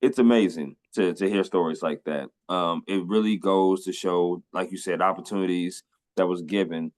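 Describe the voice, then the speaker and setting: A man's voice: low voice, steady tone, moderate pace. Enthusiastic man hosting a podcast. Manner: enthusiastic, affirming, jokes and laughs. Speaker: podcast host. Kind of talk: casual interview.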